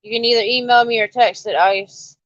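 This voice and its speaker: A fairly high-voiced woman with a drawl hosts a casual live stream, coaxing and teasing her viewers. The sound is dry and a bit muffled, as if from a basic mic. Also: fairly even intonation, a little fast, fairly bright tone, no room sound. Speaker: livestream host.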